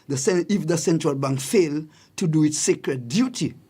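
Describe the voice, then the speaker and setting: A man's voice: a little high, normal speed, dark tone, husky. A man hosting a radio talk show, giving emphatic commentary and repeating his key points for listeners. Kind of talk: radio commentary on public affairs. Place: radio studio.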